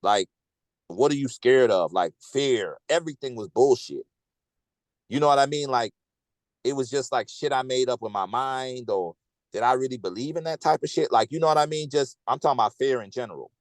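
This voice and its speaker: A man in tells a personal story in a loose, animated way, leaning on slang and checking in with "okay?" as he goes. His voice sits at an ordinary middle pitch. The sound is dry and close, with no room echo. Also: brisk. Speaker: host. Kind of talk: casual storytelling talk.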